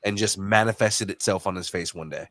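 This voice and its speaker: A man co-hosting a casual podcast, talking in excited quick bursts. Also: deep voice, dry recording. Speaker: podcast co-host.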